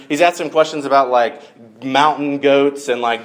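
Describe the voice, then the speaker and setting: A man's voice: medium pitch, fairly even intonation, normal speed. A man giving a casual sermon, retelling a scripture story in a wry, conversational way with asides and fillers. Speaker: preacher.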